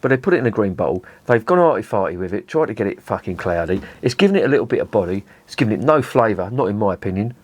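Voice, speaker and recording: A man's voice: on the low side, lively intonation, racing, hardly any pauses, no echo. A man reviewing beer in a vlog, ranting in a sweary, exasperated way and often restarting his sentences.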